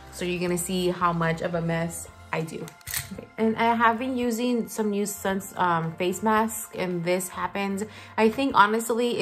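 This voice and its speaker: A woman beauty vlogger chatting casually while she does her makeup, rambling with lots of fillers, her voice low from the morning. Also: fairly bright tone. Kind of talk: casual get-ready-with-me chat. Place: home, seated at a filming setup.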